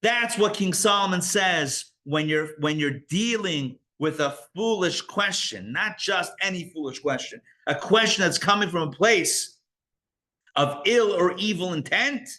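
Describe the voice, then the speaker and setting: A rabbi teaching a live class, with a bright, forceful voice pitched a little above most men's. He talks in an animated, conversational way, throwing out rhetorical questions and quick asides to the room. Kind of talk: live Torah class lecture.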